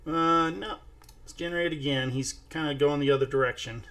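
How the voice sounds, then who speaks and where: A man's voice: on the high side, steady tone, a little fast, bright, forceful tone. A man hosting a casual screen-share tutorial, chatting his way through each step and talking to a toddler at his side. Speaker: AI art tutorial host.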